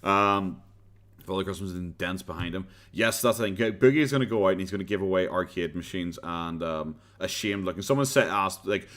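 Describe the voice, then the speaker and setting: An Irish man with a somewhat low voice hosts a relaxed live stream, answering viewer comments as they come in. He rambles from one thought to the next, restarts his sentences and breaks into laughter often. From Ireland.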